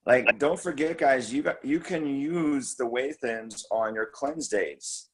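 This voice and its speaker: A man's voice: medium pitch, slow, a bit bright, rough recording. A man co-hosting a team call, giving an enthusiastic, rambling product recap full of fillers and restarts.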